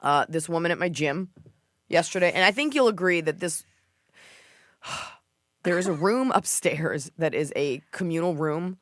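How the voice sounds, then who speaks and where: A woman's voice: lowish voice, lively intonation, measured pace, long pauses, no echo, studio quality. A woman hosting a podcast in a casual comedic chat, telling stories animatedly, acting out quotes and swearing freely. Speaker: podcast host.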